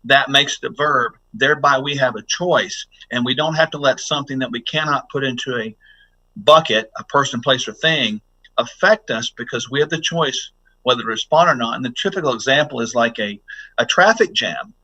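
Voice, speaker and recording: A man with a bright, forward voice guests on a podcast as a health doctor. He talks in an earnest, teacherly way and walks the listener step by step through simple exercises. His pitch sits in an ordinary middle range. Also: moderate pace, poor audio. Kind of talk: podcast interview.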